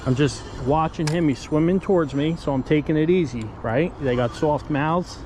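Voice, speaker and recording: A man filming himself by a river narrates landing a fish live, breathless, coaching his viewers and addressing them as "guys." He speaks at a moderate pace in a somewhat high, darkish voice, with slight background noise.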